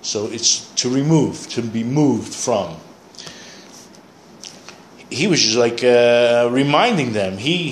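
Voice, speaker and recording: A man's voice: medium pitch, a little hiss or hum. A man teaching a Bible class, explaining Hebrew words and thinking aloud as he goes. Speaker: Torah teacher. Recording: echoey room, faint ambience.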